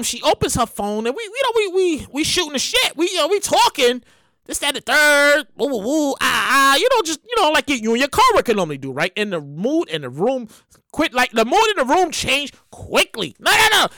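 Animated, high-voiced woman telling stories. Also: moderate pace, no echo, studio quality. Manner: animated, slangy, rambling with exclamations. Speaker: comedic storyteller. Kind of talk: casual comedic monologue.

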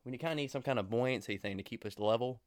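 Fast-talking man with a clear voice. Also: medium pitch, no echo, clean studio sound. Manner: joking, playful, asks lots of questions. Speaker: podcast co-host. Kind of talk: casual chat.

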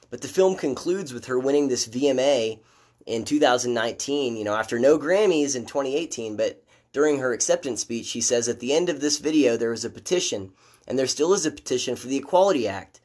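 Guy doing sardonic commentary on a documentary, lots of ums and restarts, middle pitch. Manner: critical, sardonic, with many fillers and restarts. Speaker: political commentator.

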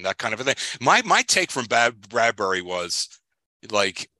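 A man's voice: medium pitch, animated, normal speed, sharp tone, no echo. A man co-hosting a casual podcast, talking sports with heated, emphatic rants and repeated phrases. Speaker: podcast co-host.

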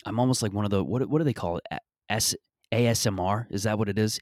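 Man around 30, deep low voice, dry sound, rambling jokey podcast host with a bit of swearing. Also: fast talker, darkish tone, dry recording. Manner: rambling, joking, profane. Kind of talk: casual solo podcast monologue. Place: parents' backyard outdoors.

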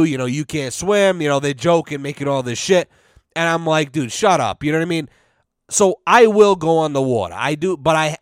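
A man's voice: fairly high pitch, clear, resonant tone, no room sound, clean studio sound. Profane rambling man on a podcast. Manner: profane, rambling, repeats "you know". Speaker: podcast co-host. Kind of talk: casual podcast rant.

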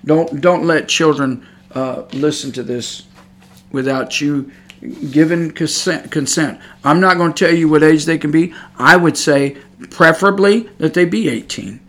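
A middle-aged man hosts a religious podcast monologue, speaking emphatically and repeating himself as he grows heated and loud. His voice is fairly high-pitched, and his pace measured.

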